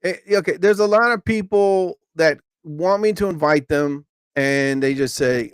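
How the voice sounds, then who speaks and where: A lively middle-aged man talks on his live stream, his pitch leaping up and down as he plays out little scenes with other people's words. His voice sits a bit high for a man and is recorded dry and close, with no room sound around it. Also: normal speed, few pauses, no echo. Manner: animated, acts out quotes in high voices. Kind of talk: casual live-stream chat.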